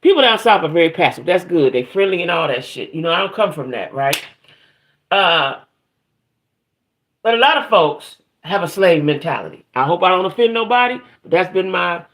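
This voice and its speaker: Middle-aged woman ranting on her livestream, swearing a lot and fed up, shouting out chat folks by name. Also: fairly low pitch. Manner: profane, venting, greets chat viewers by name. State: aggravated. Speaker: livestream host. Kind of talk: casual livestream rant.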